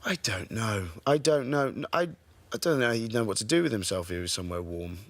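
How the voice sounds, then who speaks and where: A man from England, a guest actor chatting in a TV studio interview, relaxed and self-deprecating. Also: lowish voice, a little fast, no echo. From England (London and the Midlands). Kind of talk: casual TV interview chat.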